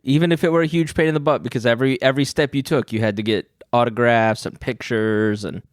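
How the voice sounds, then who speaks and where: A man co-hosting a comedy podcast, asking halting questions with frequent restarts. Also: medium pitch, steady tone, no room sound, studio quality. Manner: hesitant, restarting questions, easy laughter. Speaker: podcast co-host. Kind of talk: casual comedic chat.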